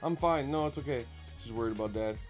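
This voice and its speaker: A young man streaming a game live, chatting casually and jokingly, sometimes bursting into loud shouts. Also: mid-range voice, fast talker, soft background music. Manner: excitable, jokey, bursts into shouts. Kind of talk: live gaming commentary.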